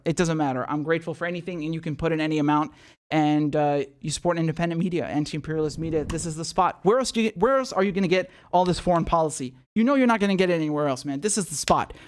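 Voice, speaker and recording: A man hosting a casual livestream, talking in a rambling, chatty way with many restarts. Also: fairly high pitch. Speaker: livestream host.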